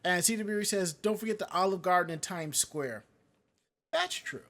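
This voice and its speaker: A man with a notably high-pitched voice talking loosely on a live-streamed show. He drifts from one tangent to the next and stops to read out chat messages, all in easy casual chat. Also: normal speed, fairly bright tone. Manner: rambling, digressive, reads chat comments aloud. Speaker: podcast co-host.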